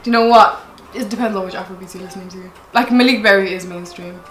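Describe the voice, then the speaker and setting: A woman's voice: medium pitch, fast talker, a bit bright. A young woman hosting a casual get-ready chat, talking easily while doing makeup. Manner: chatty, laughs easily. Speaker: beauty vlogger host. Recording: roomy echo, faint background noise.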